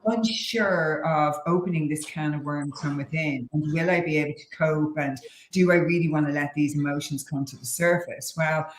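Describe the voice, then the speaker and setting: A woman's voice: low voice, moderate pace, slight background noise. A woman guest who teaches meditation talks in a candid, reflective way and laughs easily in a casual interview. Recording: roomy echo.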